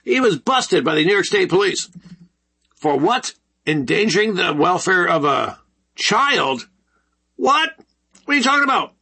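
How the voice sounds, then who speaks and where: A male talk show host on his own in a studio, ranting with animated, sarcastic energy. His voice is high and gravelly, with a husky edge. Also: measured pace, long pauses. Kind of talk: solo ranting commentary. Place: broadcast studio, alone.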